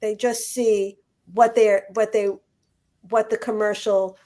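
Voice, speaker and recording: A woman's voice: mid-range voice, level tone, slow pace, dark tone. A woman hosting a radio talk show, speaking in a loose, conversational way full of restarts. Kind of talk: casual radio chat.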